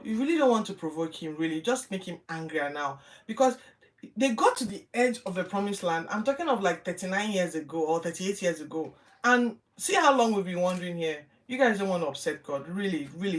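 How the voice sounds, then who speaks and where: A woman hosting a Bible reading podcast retells scripture casually, acting out the quotes in lively, animated voices. Her voice is fairly low and she sounds far from the mic.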